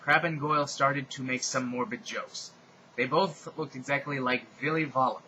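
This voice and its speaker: A man giving a mocking dramatic reading in a deadpan tone with sarcastic asides. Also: mid-range voice, normal speed, dull audio, slight background noise. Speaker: reader.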